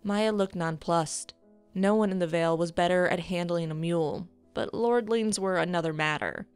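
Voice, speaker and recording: A woman narrating a fantasy novel chapter in a steady storytelling voice. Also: lowish voice, normal speed, smooth, faint music behind. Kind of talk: audiobook reading.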